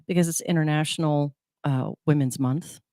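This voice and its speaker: A woman's voice: low voice, fairly even intonation, normal speed, dark tone, dry recording, clean studio sound. A woman co-hosting a casual morning community radio show, rambling with fillers and restarts. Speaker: radio co-host.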